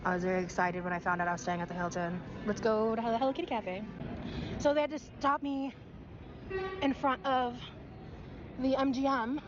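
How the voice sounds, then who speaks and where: A woman's voice: fairly high pitch, fairly even intonation, moderate pace, pauses often. A woman from Florida filming a casual travel vlog on her phone while out on a busy city street, chatty and self-deprecating. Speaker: vlogger. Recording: muffled phone audio with street noise. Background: traffic and city ambience.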